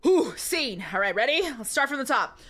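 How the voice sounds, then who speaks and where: Giggly animated woman streamer. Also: sits high, normal speed. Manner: giggly, animated, self-mocking. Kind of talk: reading smut aloud with live commentary.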